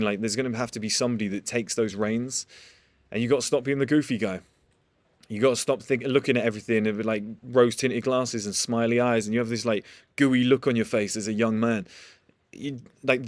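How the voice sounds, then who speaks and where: A man's voice: mid-range voice, steady tone, a little fast, no room sound. A young man giving a blunt, profane motivational talk in a casual monologue. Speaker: motivational speaker.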